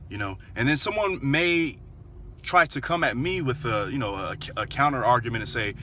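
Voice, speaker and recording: A man's voice: mid-range voice, moderate pace, pushed and bright, slight background noise. A man talking earnestly to his viewers in casual commentary, repeating phrases and restarting often. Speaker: vlogger.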